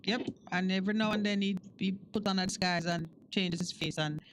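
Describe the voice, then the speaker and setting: A woman hosting a call-in radio show, answering callers with short agreements and steady encouragement. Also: mid-range voice, a little fast, slight background noise. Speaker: radio host.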